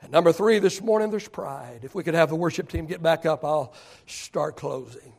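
An older man, a pastor, preaching a sermon that swings from quiet storytelling to loud shouting. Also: fairly high pitch, normal speed, vocal fry.

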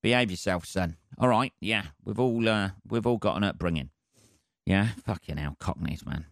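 A man's voice: low-pitched, normal speed, gravelly, no room sound, studio quality. A man hosting a comedy podcast, rambling wryly and swearing freely through his own stories.

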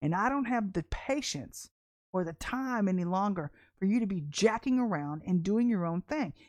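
A woman's voice: mid-range voice, animated, moderate pace, darkish tone. A woman preacher giving a prophetic sermon in a blunt, confrontational and colloquial way.

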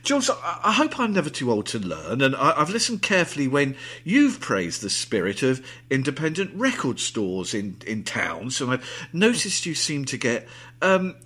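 A man's voice: mid-range voice, huge pitch swings, normal speed, a bit bright, breathy edge. A man co-hosting a podcast, telling stories in a dry, theatrical way. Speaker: podcast co-host. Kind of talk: casual chat.

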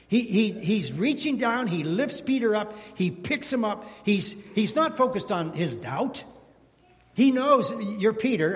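High-voiced pastor preaching in a reverberant church. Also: male voice. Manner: animated preaching, calls out to the congregation. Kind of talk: sermon. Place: church sanctuary.

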